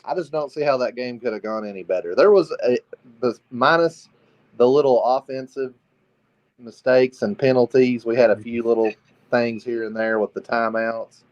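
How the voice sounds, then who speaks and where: A man, calling into a show from a small bathroom at night, speaking quietly and easygoing. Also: medium pitch, moderate pace, no echo. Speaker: caller. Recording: dull, lo-fi call audio.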